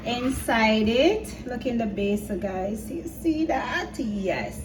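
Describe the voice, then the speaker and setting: A woman's voice: on the high side, very animated, takes it slowly, background noise. A woman with a Jamaican accent, chatty and teasing, talking viewers through a recipe in her home kitchen. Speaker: cooking vlogger. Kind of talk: casual cooking chat. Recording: echoey kitchen, mic a bit far.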